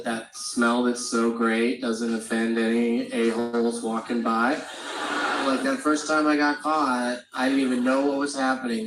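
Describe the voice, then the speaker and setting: A man's voice: medium pitch, a bit bright. A man performing a stand-up comedy set in a comedy club, telling loose, rambling, profane stories. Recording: roomy live club sound from a distant mic.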